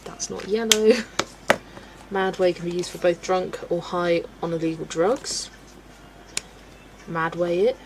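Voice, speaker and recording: A woman's voice: lowish voice, steady tone, takes it slowly, pauses often, heavy background noise. A woman chatting casually on a live stream as she colours, thinking aloud, giggling often, and talking into a webcam mic.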